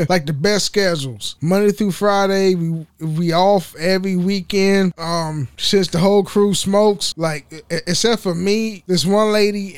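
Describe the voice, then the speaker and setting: A man's voice: sits high, clean tone, dry recording, clean studio sound. A man podcasting alone, venting in a rambling, profane way with many restarts. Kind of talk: casual venting monologue.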